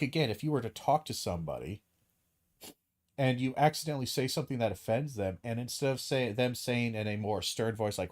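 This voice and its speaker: A man hosting a live stream, ranting angrily and profanely about a news video, with frequent restarts and acted-out quotes. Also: mid-range voice. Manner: acts out hypothetical dialogue in quoted voices. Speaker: streamer host.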